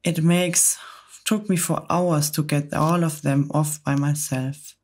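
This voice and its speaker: A bossy, demanding male centipede from a storybook, whispered by a woman reading aloud. Slow and low, kept to a soft whispered role-play hush. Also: fairly even intonation. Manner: brisk, demanding.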